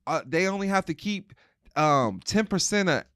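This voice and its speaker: A man's voice: high-pitched, expressive, normal speed, fairly bright tone, clean tone, no echo, clean studio sound. A man talking earnestly in a casual conversation, explaining his points step by step.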